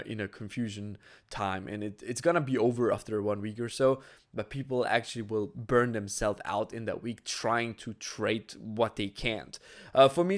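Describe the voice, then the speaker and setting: Casual trader guy, lots of "right?". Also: mid-range voice. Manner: conversational, frequent "right?" tags and fillers. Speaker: trading educator. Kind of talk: casual explanatory talk to camera.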